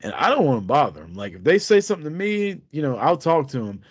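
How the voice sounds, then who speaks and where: A man's voice: on the high side, big pitch swings, fast, breathy edge, dry recording, dull audio. Profane rambling man, dry sound. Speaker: podcast co-host. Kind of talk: casual chat.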